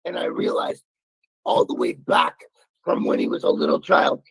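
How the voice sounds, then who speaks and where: A middle-aged male talk show host telling a personal story with stammers and sudden shouted emphasis. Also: extremely high pitch, huge pitch swings, moderate pace, creaky, no room sound, low-quality recording.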